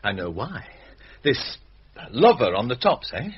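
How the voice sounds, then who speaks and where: An actor playing a middle-aged village doctor, dry and sardonic, irritated at being called out at night. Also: male voice, medium pitch, sing-song, unhurried, muffled recording, a little hiss or hum. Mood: weary.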